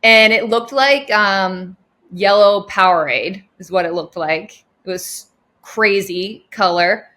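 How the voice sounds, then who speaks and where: Bright-voiced woman telling her story. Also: medium pitch, takes it slowly. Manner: chatty, retells scenes with quoted dialogue and frequent "like". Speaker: cancer patient sharing her story. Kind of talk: casual personal storytelling.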